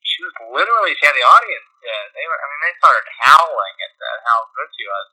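A man from New York rambles through a story in relaxed conversation, often losing his thread and poking fun at himself. His voice is hard and forceful, pitched in the middle. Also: fairly quick, low-quality recording. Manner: rambling, self-deprecating, loses his thread. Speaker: podcast co-host. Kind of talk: casual storytelling chat.

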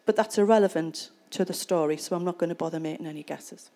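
With a fairly low, warm voice and a quick pace, a woman preaches in church. She reads a scripture passage, retells it, and explains it in a conversational, storytelling manner.

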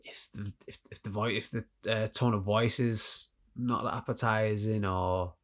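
A man's voice: lowish voice, unhurried. A man co-hosting a podcast, talking casually and loosely, often trailing off. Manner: relaxed, trails off, restarts. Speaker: podcast co-host.

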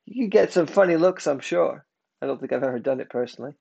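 A man preaching a sermon, emphatic, swinging between loud declarations and hushed, slowed passages. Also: a little high, expressive, vocal fry, husky, muffled recording.

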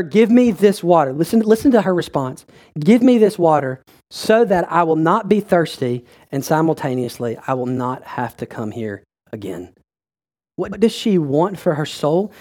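Male pastor delivering a sermon; earnest, measured, builds emphasis through repetition. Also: high voice, darkish tone.

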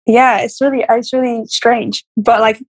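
A woman's voice: a little high, little pitch movement, measured pace, husky, dry recording, poor audio. A woman from England with a Blackpool accent, a podcast guest chatting in an open, musing way. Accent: English, Blackpool. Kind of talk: casual conversational interview.

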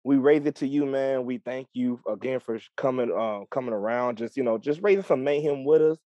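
A man's voice: mid-range voice, brisk, warm tone, dry recording, dull audio. A man co-hosting a wrestling podcast, hyped and playful, fond of puns. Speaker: podcast co-host. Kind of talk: excited wrestling podcast chat.

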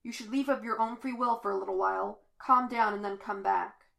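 A woman's voice: mid-range voice, fairly even intonation, fairly quick, gravelly, fairly bright tone. Woman voicing a stern security guard. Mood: firm. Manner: firm, warning.

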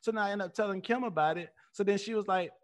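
A man co-hosting a podcast, telling stories in casual, profane, animated chat. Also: high voice, quick pace. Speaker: podcast co-host.

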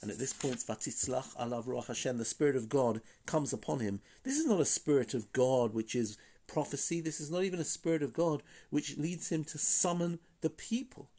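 A man's voice: medium pitch, animated, normal speed, few pauses, mellow, husky. A man hosting a podcast, giving an informal Bible lesson in a conversational way, full of fillers and rhetorical questions, reading Hebrew verses aloud and translating them. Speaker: Bible teacher and podcast host.

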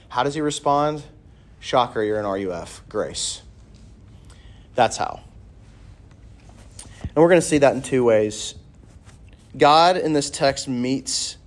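Speaking at a medium pitch, a man in his thirties who works as a campus minister preaches to students in a chatty style. He mixes animated stories with gentle humor.

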